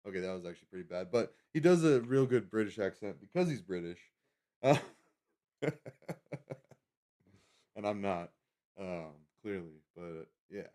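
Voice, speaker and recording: A man's voice: deep voice, animated, measured pace, long pauses, dark tone. A man hosting a livestream, chatting casually and rambling with lots of fillers and self-corrections. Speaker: livestream host.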